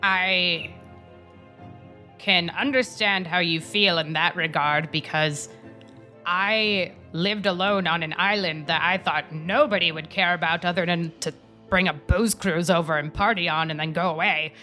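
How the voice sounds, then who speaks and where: A woman's voice: on the low side, steady tone, measured pace, sharp tone, faint music behind. A woman playing a character in a tabletop game, rambling a little as she searches for words. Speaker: player. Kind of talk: in-character tabletop role-play.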